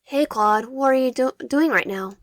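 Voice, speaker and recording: A woman's voice: high voice, moderate pace, dry recording, clean studio sound, close to an everyday voice. A woman reading as a snippy twin sister. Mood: casual.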